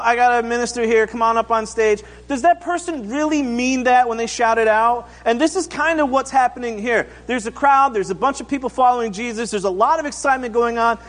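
A man's voice: very high-pitched, fairly bright tone, big-room sound. A man preaching a conversational sermon, speaking casually, acting out quotes and asking the congregation questions. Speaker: pastor.

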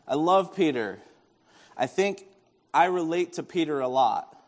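A man preaching in a church, his fairly high voice ringing with a long reverb around the room. He tells the story in a lively way, slipping into the voices of the people in it. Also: a little slow, pauses often. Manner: animated storytelling, acting out quoted voices. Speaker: pastor. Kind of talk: sermon.

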